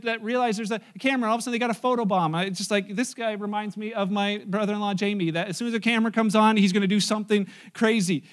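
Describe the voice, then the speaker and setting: A man pastor delivering a conversational sermon, mixing stories and humor with plain teaching. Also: high voice. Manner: conversational preaching with asides and humor.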